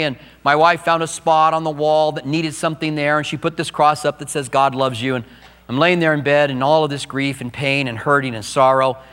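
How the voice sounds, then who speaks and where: Middle-aged male pastor, slightly high voice, earnest personal sermon, reverberant church hall. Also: a bit bright, smooth.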